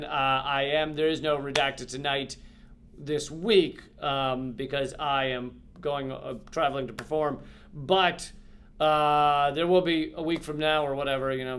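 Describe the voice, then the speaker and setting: A man's voice: fairly high pitch, fairly bright tone. A man hosting his own commentary channel, talking casually to camera in an impassioned, rambling, profane way with many restarts. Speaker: host of a political commentary channel.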